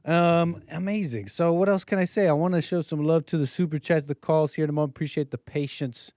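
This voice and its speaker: An American man hosts his own live call-in stream, chatting casually with viewers and hopping between topics. His voice is fairly high with fairly even intonation and a darkish tone, a little fast, with no echo.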